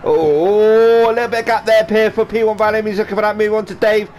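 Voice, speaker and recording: High-voiced man calling a sim race. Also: completely flat delivery, very fast, slight background noise. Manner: rambling, jokey, does silly voices for drivers. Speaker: race commentator and driver. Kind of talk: excited live sim-racing commentary.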